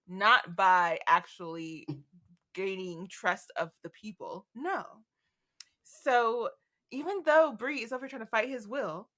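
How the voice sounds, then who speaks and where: A woman co-hosting a casual podcast about a fantasy novel, animated and laughing as she reads quotes with dramatic flair. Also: mid-range voice. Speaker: podcast co-host. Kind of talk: casual book discussion.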